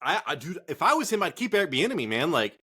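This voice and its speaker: A man's voice: on the high side, sing-song, fast, pushed and bright, husky. A man co-hosting a casual sports chat show, joking, laughing and swearing as he talks. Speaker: podcast co-host. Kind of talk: casual chat while drinking.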